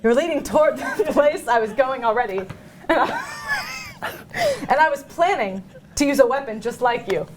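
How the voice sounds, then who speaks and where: A woman's voice: sits high, animated, normal speed. A woman reading the part of a guilt-ridden male nobleman about to murder a king, in a comic table reading, stumbling now and then over the words. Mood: brooding. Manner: reads a plain modern paraphrase aloud, stumbling over words.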